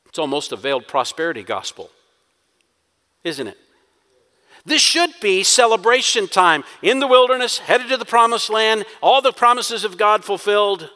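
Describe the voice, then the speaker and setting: A man's voice: sits high, big pitch swings, moderate pace, sharp tone, in a large hall. A man preaching a sermon, acting out quoted prayers with rising intensity. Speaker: pastor.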